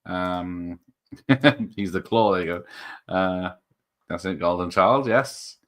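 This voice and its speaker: Guy rambling on a live stream, slightly low voice, lots of ums and little laughs. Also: slow pace, a bit bright. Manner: rambling, chuckling, with many fillers and restarts. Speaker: host of a live show. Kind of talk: casual live-stream chat, reading comments.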